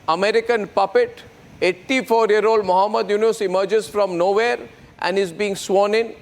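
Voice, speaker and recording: A man with an Indian English accent hosting a heated televised debate, talking loudly and rapidly, repeating phrases and cutting into other speakers. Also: high voice. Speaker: debate show host.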